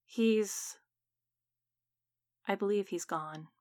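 A woman's voice: mid-range voice, normal speed, close to an everyday voice. A woman voicing a pompous male spirit medium who solemnly intones to the spirits at a séance. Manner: grandly intoning, calling on spirits.

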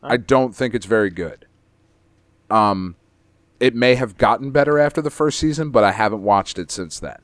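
A man's voice: mid-range voice, normal speed, no room sound. Casual rambling male podcast host. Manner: rambling, swears freely. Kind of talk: casual chat.

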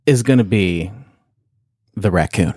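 A man's voice: lowish voice, unhurried, darkish tone, dry recording, studio quality. A man hosting a casual podcast game segment, teasing and playful as he quizzes his guests. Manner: playful, teasing quiz-master. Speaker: host.

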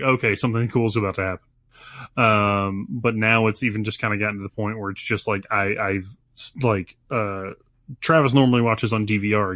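A man's voice: fairly low pitch, a bit bright, dry recording. A man co-hosting a podcast, talking casually with lots of stops and restarts. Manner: rambling, many fillers and restarts. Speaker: podcast co-host. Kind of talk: casual chat.

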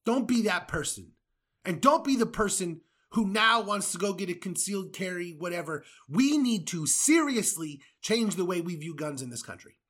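A man from the United States hosts his podcast in a furious, swearing rant. His voice sits high and sounds bright and forceful. He breaks off into mocking asides. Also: sing-song, normal speed. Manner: heated, profane, sarcastic asides. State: angry. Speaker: podcast host. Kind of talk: angry political rant.

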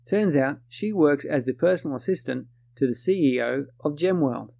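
Gravelly man telling a story. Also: fairly high pitch, lively intonation, moderate pace, a little mellow, no echo, studio quality. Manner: casual, self-correcting, wry. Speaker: narrator. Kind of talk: first-person storytelling podcast.

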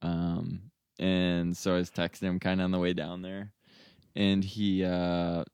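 Low-voiced man telling a story casually. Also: a little slow, smooth, dry recording. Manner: animated storyteller, acts out friends' voices in high pitch. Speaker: storyteller in a chat. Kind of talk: casual chat.

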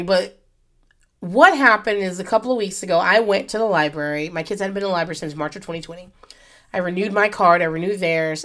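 A woman in her thirties hosts a solo podcast, speaking casually into a podcast mic with a medium pitch and fairly bright tone. She rambles, swears freely, and drifts off on tangents.

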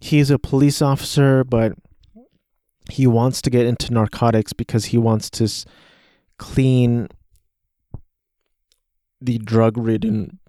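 A man's voice: mid-range voice, dark tone, no echo, clean studio sound. A man hosting a casual solo podcast, talking through a movie he watched, rambling and hesitant with many restarts. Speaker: podcast host.

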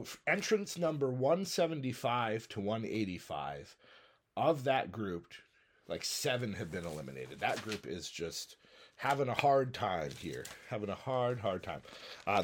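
A man's voice: medium pitch, a little hiss or hum. A man hosting and narrating a simulated wrestling battle royal in a playful, jokey way, sometimes humming entrance music. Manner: playful, jokey, breaks into sung hums and mock announcer bits. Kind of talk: solo play-by-play commentary.

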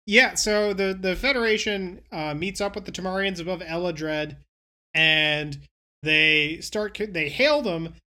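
Woman recapping a show, swears a lot, bright edgy voice. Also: lowish voice, unhurried. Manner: brash, profane, acts out characters' reactions. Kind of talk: casual chat, recapping an episode.

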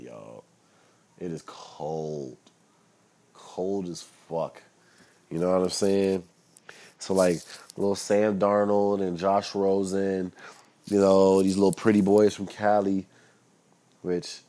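A young man rambling casually on his own, loose and profane, muttering asides between louder bursts and breaking into laughter. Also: rumbling low. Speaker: solo commentator.

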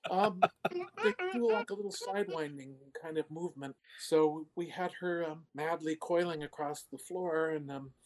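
Brief: male guest storyteller, halting delivery, lots of fillers, acts out other voices. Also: on the high side, expressive, a crowd in the background. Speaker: guest animator. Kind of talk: casual storytelling.

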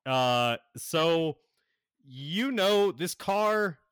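A man running a tabletop game as game master, narrating in a halting way with many fillers and frequent laughs. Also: fairly high pitch, expressive, fairly bright tone, clear, resonant tone, dry recording, clean studio sound.

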